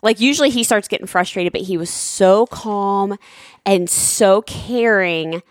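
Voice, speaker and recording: A woman's voice: mid-range voice, a little slow, no room sound, clean studio sound. A woman in her thirties chatting casually, emphatic and indignant as she gives her side. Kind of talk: casual chat.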